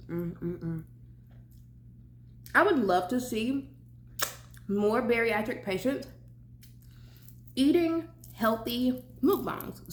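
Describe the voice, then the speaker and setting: A woman's voice: medium pitch, echoey room, a little hiss or hum. A young woman with a Southern US accent, chatting casually while eating and talking with her mouth full in her home kitchen. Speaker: vlogger.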